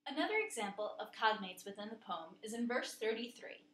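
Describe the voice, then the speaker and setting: A woman narrating a scripted lesson in a clear, steady way, slowing down to spell out and pronounce words. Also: mid-range voice, echoey room. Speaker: teacher.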